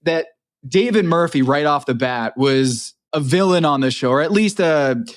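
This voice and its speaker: A man's voice: on the high side, lively intonation, normal speed. A man co-hosting a podcast, talking through his points in an easy, analytical way with many filler words. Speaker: podcast co-host. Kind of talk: casual chat.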